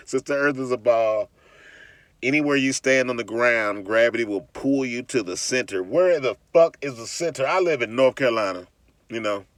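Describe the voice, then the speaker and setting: A man's voice: mid-range voice, measured pace, a bit bright, dry recording. A man delivering a heated, profane vlog rant, mocking his critics and often restarting or repeating words. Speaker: vlogger. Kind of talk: ranting vlog monologue.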